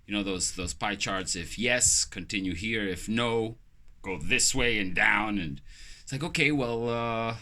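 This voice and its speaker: A man's voice: lowish voice, a little slow, sharp tone. A man, rambling casually to the camera as a vlogger and joking as he tells stories. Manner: loose, joking storyteller who acts out quoted voices.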